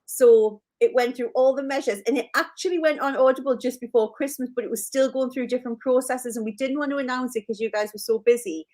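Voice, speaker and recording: A woman's voice: sits high, steady tone, fast, few pauses, a little mellow. A woman with a Newcastle Geordie accent telling stories in a chatty live chat, full of "like" and laughing at herself. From Newcastle, England. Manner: chatty storyteller, lots of "like" and self-deprecating laughs. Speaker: co-host.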